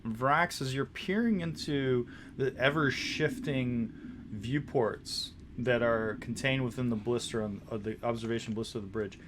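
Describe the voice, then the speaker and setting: Acting as dungeon master for a tabletop game, a man narrates and describes scenes haltingly, restarting often. His voice is medium-pitched, with noise in the background.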